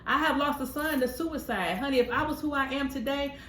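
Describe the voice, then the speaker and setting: A woman's voice: sits high, fairly quick, fairly bright tone. Emphatic woman in an echoey room. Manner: emphatic, preacherly, addresses listeners as honey. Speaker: podcast co-host. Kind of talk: casual heartfelt chat. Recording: echoey room with faint noise.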